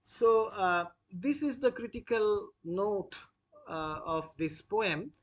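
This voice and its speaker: A teacher from India dictates notes for a literature lesson, repeating each phrase and spelling words out letter by letter. The voice is medium-pitched and animated but slow, with frequent "uh" fillers when explaining.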